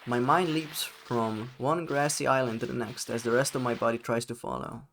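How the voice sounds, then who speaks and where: A man's voice: medium pitch, fairly even intonation, normal speed, creaky, fairly bright tone, a little hiss or hum. A man reading game narration as an airy valley girl with a breezy delivery. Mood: dreamy.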